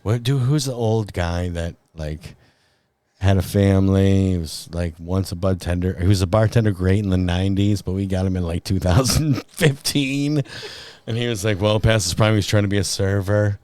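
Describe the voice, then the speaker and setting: Midwest dude rambling a dirty story, lowish voice, super dry mic. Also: male voice, normal speed, no echo. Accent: Midwestern American. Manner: profane, rambling, animated storyteller. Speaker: podcast host. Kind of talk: casual chat, storytelling.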